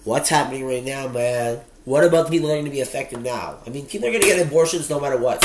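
A man's voice: medium pitch, fast, darkish tone. Heated, swearing young Canadian man. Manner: heated, profane ranting. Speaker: podcast host. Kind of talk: solo podcast monologue.

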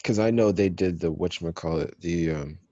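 Really low-voiced guy on a podcast, stops and hunts for words, dry muffled sound. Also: warm tone, no echo. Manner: halting, searching for words. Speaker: podcast co-host. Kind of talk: casual chat.

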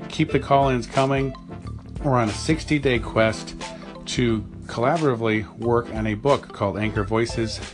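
A man's voice: mid-range voice, normal speed. Upbeat male podcast host over guitar. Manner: enthusiastic, thankful.

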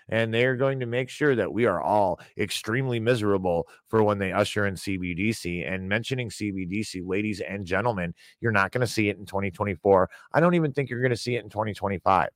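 A man's voice: on the low side, dry recording. A man hosting a broadcast, ranting and wisecracking in casual, rambling commentary. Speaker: show host.

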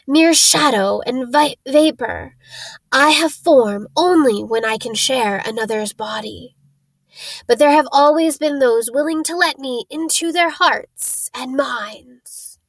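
A chilling, high-pitched dark lord who hisses his words out slowly and with menace, put on by a woman reading a storybook. His voice sounds thin and otherworldly, drawn out with cold patience before it rises into shrieks. The recording is close and dry. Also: creaky, dry recording, heavily acted, low-quality recording. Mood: menacing. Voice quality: high, hissing, slow and menacing. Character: evil male dark lord, a face on a head.

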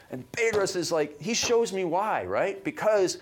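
A man from Canada co-hosting a motivational podcast, delivering advice in an emphatic, high-energy way. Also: animated, brisk, slight background noise. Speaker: podcast co-host.

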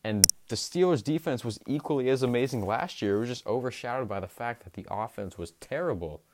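Recapping games on his sports podcast, this young host sounds expressive, with a medium-pitched, darkish voice. His delivery is enthusiastic and emphatic, with long, drawn-out stresses.

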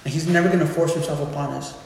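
A man's voice: a little high, fairly even intonation, very fast, creaky, darkish tone, a little hiss or hum. A man giving an informal, conversational sermon, often restarting and repeating words as he explains. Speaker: preacher. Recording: echoey hall with faint ambience.

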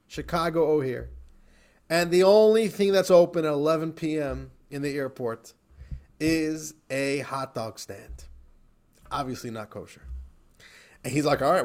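A man's voice: on the high side, lively intonation, unhurried, darkish tone. A man teaching a Torah class who tells a story with animation and acts out the quotes.

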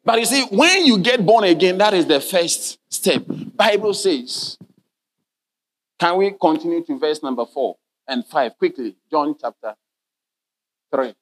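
A man's voice: fairly high pitch, expressive, measured pace, fairly bright tone. A man preaching a sermon as pastor of a church. He reads scripture in old King James wording and often breaks in with "Hallelujah" and questions to the congregation.

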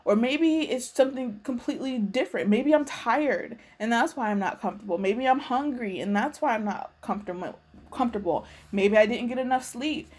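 A woman's voice: on the high side, expressive, fairly quick, darkish tone. A woman host talking casually and reflectively about her needs, voicing her own prayers as she goes. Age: adult, working. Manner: conversational, acts out her prayers aloud. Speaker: faith podcast host.

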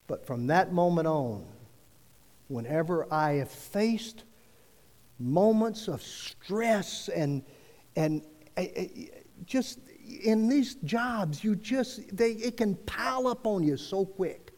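Male pastor, high animated delivery, earnest sermon, long church-hall reverb. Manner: earnest, preacherly rises and drops, slow emphatic phrasing. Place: church sanctuary.

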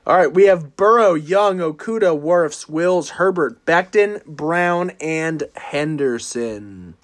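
A man with a notably high voice hosts a casual sports podcast. He talks in an animated, teasing way and often bursts into loud laughter. It is loose banter between friends. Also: slow pace. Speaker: podcast host.

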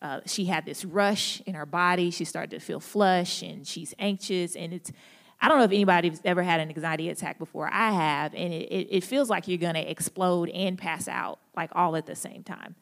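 A woman's voice: lowish voice, steady tone, moderate pace, creaky, fairly bright tone. A young woman speaking at a church gathering, who opens with prayer and then gives a casual, relatable talk full of jokes and laughs. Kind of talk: conversational devotional talk opened with prayer. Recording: echoey hall with long reverb.

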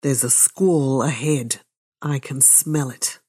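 A woman's voice: a bass voice, fairly even intonation, slow, warm tone, husky, heavily acted. A woman voicing a drunk old man who gives solemn, doom-laden warnings in a slurred way. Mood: stubborn.

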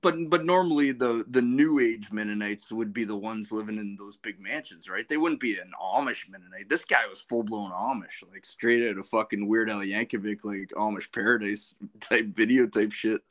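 A man co-hosting a podcast, sharing anecdotes in casual chat with an excitable, profane manner. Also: lowish voice, moderate pace, few pauses. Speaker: podcast co-host.

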